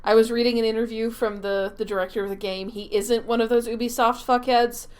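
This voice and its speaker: High-pitched woman co-hosting a podcast, swears a lot, laughy, casual. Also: a little fast, clean tone. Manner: animated, profane, laughs often. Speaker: podcast co-host. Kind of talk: casual chat. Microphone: remote call.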